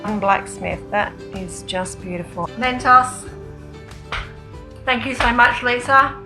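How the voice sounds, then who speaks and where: A woman narrating a farm vlog with warm enthusiasm. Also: a little high, slow pace, faint music behind, rough recording. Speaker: off-grid farm vlogger.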